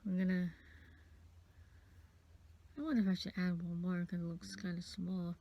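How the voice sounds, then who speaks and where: A woman's voice: lowish voice, little pitch movement, moderate pace, mellow. A sniffly woman casually rambling through a bead-bracelet craft tutorial, counting beads aloud as she works. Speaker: craft vlogger.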